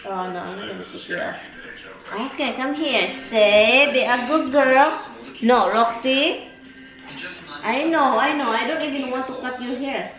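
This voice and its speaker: A woman's voice: high-pitched, a little slow, a bit bright, poor audio. A woman from the Philippines, chatting casually at home in a rambling vlog and talking to her pets. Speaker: vlogger.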